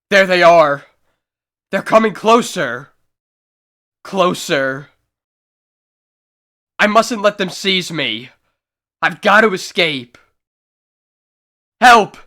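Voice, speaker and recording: A man's voice: on the high side, pitched above the performer's own voice, heavily acted. A man voicing a frantic, terrified man who believes story characters are hunting him. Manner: frantic, shouting in terror.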